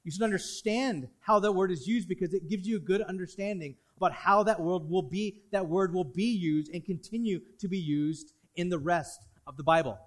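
A man preaching a sermon to his congregation, swinging between loud, pressing emphasis and quiet, hushed asides. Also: sits high, moderate pace, few pauses. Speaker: pastor.

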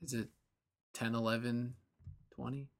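A man's voice: mid-range voice, level tone, measured pace. A man co-hosting a podcast in casual chat, sheepish and rambling, often laughing. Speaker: podcast co-host.

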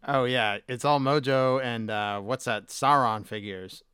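A man's voice: mid-range voice, a little slow, a bit bright, clear, resonant tone, dry recording, clean studio sound. A man co-hosting a casual podcast chat, swearing casually and losing his voice. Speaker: podcast co-host.

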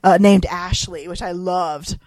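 A woman's voice: fairly low pitch, steady tone, measured pace, a crowd in the background. Rambling, giggly woman chatting on a podcast. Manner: rambling, lots of fillers and laughs. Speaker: podcast co-host; hospital chaplain resident. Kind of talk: casual chat.

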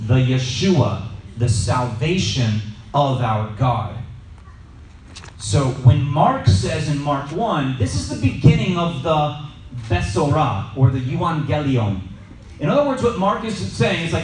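A man teaching scripture as a Bible teacher, lively and animated, sometimes acting out shouting scenes. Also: a little high, measured pace, a little hiss or hum. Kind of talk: teaching sermon. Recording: echoey room, voice from a distance.

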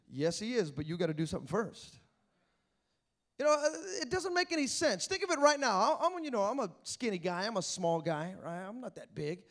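High pitched guy preaching, gets loud then goes quiet, does little voices of people in church. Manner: preaching with swings between loud exhortation and quiet asides; acts out quoted voices of churchgoers. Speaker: pastor. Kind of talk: sermon.

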